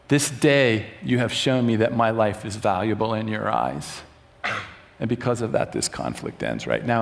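A middle-aged man preaching a sermon, telling stories and acting out the quoted lines with sudden jumps up in pitch. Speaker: pastor.

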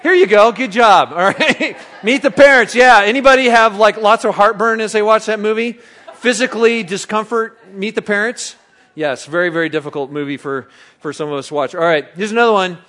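A man preaching a sermon, bantering playfully with the congregation, then turning soft and reflective. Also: sits high, a little fast. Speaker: pastor.

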